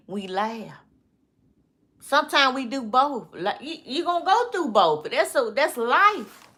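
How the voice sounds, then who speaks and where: A woman vlogger, talking slowly in a rambling monologue, repeating phrases and often breaking into laughter. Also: high-pitched, sharp tone.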